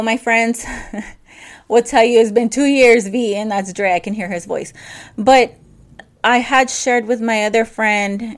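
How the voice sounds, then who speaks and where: A woman talks through her own podcast in a loose, personal monologue, circling back and restarting her thoughts. Her voice sits a little higher than usual. She sounds candid and unscripted. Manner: candid, rambling with frequent restarts. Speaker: podcast host.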